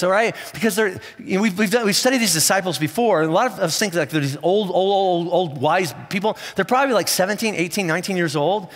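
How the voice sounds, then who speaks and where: A man preaching a sermon in a casual, animated storytelling way, acting out the people in his stories. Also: sits high, big-room sound. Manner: conversational, animated storytelling with acted-out quotes. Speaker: pastor. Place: church auditorium.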